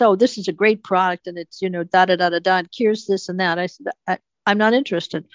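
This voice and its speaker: Older woman guest, emphatic storyteller, middle pitch, dull dry recording. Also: dry recording. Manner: animated, emphatic storytelling with acted quotes. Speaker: guest researcher. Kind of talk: storytelling interview answer. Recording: dull, dry, slightly muffled sound.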